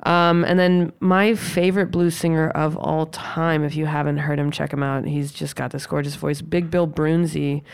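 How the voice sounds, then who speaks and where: Low-voiced chatty woman co-host. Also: level tone, moderate pace, creaky, few pauses, clear, resonant tone. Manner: chatty, swears, laughs often. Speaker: podcast co-host. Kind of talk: casual chat.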